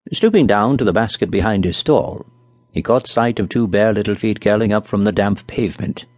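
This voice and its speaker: Male audiobook narrator, measured storybook reading, deep voice, gravelly. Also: a little mellow, no echo.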